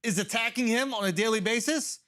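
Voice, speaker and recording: A man in casual podcast chat, excitable and loud, swearing freely. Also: extremely high pitch, fairly quick.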